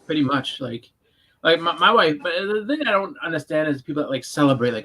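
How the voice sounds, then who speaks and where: A man's voice: fairly high pitch, sing-song, a little fast, bright, forceful tone, slightly rough, poor audio. A man co-hosting a casual livestream, telling rambling stories and slipping into quoted voices.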